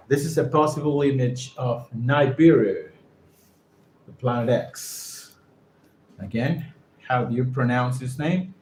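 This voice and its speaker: A man whose first language is Spanish reads an English text aloud very slowly, halting to repeat words and check their pronunciation. His voice sits at a middling pitch. The room is echoey, with faint noise behind him. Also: lively intonation, a little mellow. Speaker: English learner reading aloud. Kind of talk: reading an article aloud for practice. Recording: roomy echo with faint background noise.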